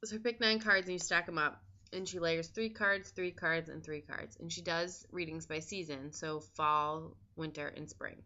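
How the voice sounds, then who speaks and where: A woman's voice: low voice, steady tone, moderate pace, pushed and bright, highs cut off. A woman vlogger talking in a casual diary style, chatty and candid, with lots of ums and likes. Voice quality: chatty, filler-heavy and candid.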